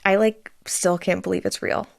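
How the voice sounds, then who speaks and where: A young woman hosts her own podcast in a loose, chatty solo talk. Her voice has a gravelly fry at mid pitch. She swears freely and sounds emotional, close to tears. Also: steady tone, moderate pace. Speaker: podcast host. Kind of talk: casual solo podcast update.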